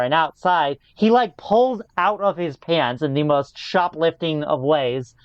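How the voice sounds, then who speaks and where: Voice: medium pitch, animated, unhurried, hardly any pauses, smooth, no room sound. Co-host, wry, laughing, dry muffled recording. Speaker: podcast co-host. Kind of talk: casual movie recap chat.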